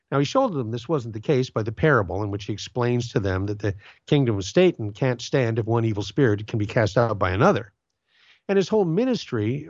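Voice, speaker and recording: A man's voice: medium pitch, a little mellow, no echo, highs cut off. A man reading a gospel passage and then explaining it in an earnest, commentary style, with some fillers and restarts. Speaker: Catholic commentator.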